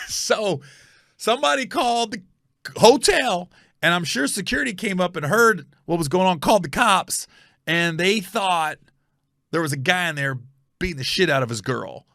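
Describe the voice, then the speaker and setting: A man hosting a comedy podcast, telling a funny story with animated energy and loud reenactments. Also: normal speed, gravelly, long pauses, no room sound, clean studio sound. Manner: animated storyteller, bursts into high shouted yelling when reenacting.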